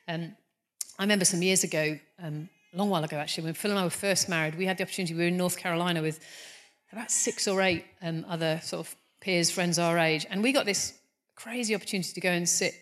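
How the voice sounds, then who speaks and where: A woman's voice: lowish voice, fairly bright tone. Earnest, conversational woman preacher. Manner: conversational, earnest, self-deprecating, frequent restarts. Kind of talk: sermon.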